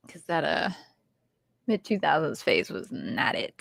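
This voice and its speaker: A woman's voice: low-pitched, huge pitch swings, measured pace, creaky, no room sound, studio quality. A woman co-hosting a casual livestream chat in a playful, easygoing way, laughing often, talking over an online call. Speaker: co-host.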